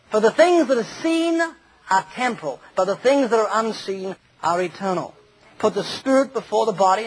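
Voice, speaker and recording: A man's voice: high voice, fairly bright tone, slight background noise, rough recording. A man preaching a humorous sermon, telling stories and acting out the quoted voices of others. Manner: jokey, storytelling, acts out quoted voices.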